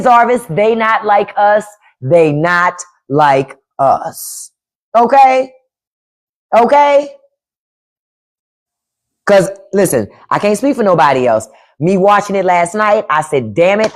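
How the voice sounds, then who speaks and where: A woman hosting a live stream, giving loud opinions in casual chat, swearing freely and repeating her points while answering the chat. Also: medium pitch. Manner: profane, opinionated. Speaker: podcast host on a live stream. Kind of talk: casual livestream commentary.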